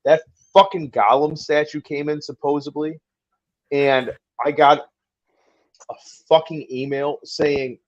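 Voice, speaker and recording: A man's voice: a little high, slow pace, dry recording, dull audio. A man co-hosting a collectors live stream, telling a story in casual chat, swearing often and acting out quotes. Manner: profane, animated storytelling with acted quotes.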